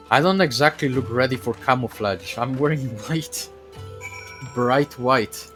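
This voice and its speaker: A man's voice: mid-range voice, measured pace, fairly bright tone, soft background music. Rambling male game streamer. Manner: rambling, full of fillers and restarts. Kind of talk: casual gaming commentary.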